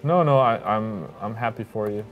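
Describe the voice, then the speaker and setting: A man co-hosting a game livestream, talking casually and handing out quick gameplay tips, with game music faintly behind. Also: on the low side, phone-quality sound. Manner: chatty, quick advice-giving, lots of fillers. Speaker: livestream co-host.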